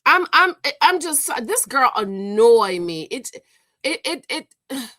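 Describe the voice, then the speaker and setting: A woman's voice: high-pitched, very animated, slow, bright, forceful tone, no echo. A woman hosting a gossip commentary show, exasperated and scolding, stammering and repeating herself as she rants. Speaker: host.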